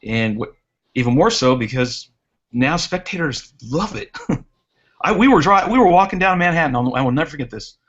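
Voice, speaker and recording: A man, a guest drone racer, chatting casually on a live hangout, telling stories in an animated way. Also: a little high, normal speed, dull audio.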